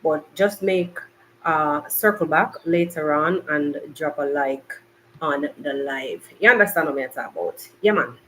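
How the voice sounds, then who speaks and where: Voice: mid-range voice, measured pace, sharp tone, a little hiss or hum, rough recording. A podcast host from Jamaica, rambling in a chatty way straight to live viewers from a makeshift home studio, recorded on a laptop. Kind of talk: casual live-stream chat. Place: makeshift home studio, hot bright room.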